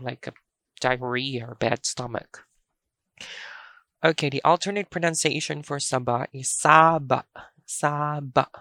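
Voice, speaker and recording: A woman teaching a language lesson, speaking slowly and carefully and repeating each word for practice. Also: a bass voice, vocal fry, fairly bright tone, dry recording, studio quality.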